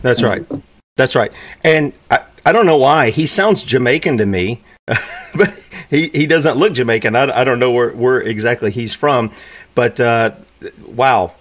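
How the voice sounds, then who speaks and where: A man's voice: medium pitch, measured pace, fairly bright tone. A man hosting a live online talk show, speaking emphatically and repeating phrases for effect. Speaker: host.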